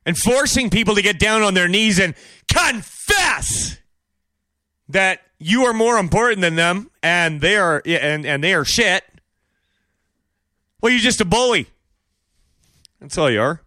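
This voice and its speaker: A man with a high, tense, bright voice delivers an opinionated solo commentary. He needles his audience with sarcastic rhetorical questions and mocking asides. The sound is close and dry, with no room around it. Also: lively intonation, unhurried, pauses often, no echo. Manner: bursts into exaggerated shouted impressions. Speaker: podcast host.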